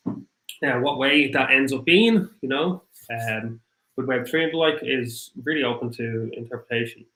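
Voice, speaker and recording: A man with an Irish accent hosting a casual livestream, rambling and apologetic, his voice getting rough after hours of talking. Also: mid-range voice, moderate pace, sharp tone, reverberant, rough recording. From Ireland. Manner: rambling, apologetic, thinks aloud with many fillers. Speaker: crypto livestream host. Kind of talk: casual livestream chat, reading viewer comments.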